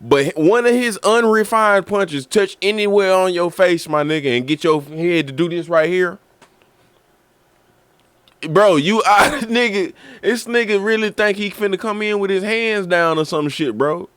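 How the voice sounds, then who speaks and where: A man on a stream, loud and slangy, trash-talking in quick bursts. His voice is a touch high, smooth and clear, and sits close on a dry mic with no room around it. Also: no room sound. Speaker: streamer host reacting to a video. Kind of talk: casual chat.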